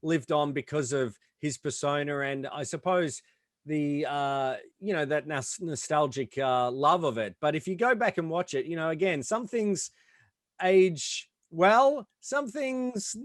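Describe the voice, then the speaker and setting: A man's voice: a little high, unhurried, dry recording, studio quality. A man co-hosting a podcast, speaking casually with hesitant, filler-filled phrasing and easy agreement. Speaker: podcast co-host. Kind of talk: casual chat.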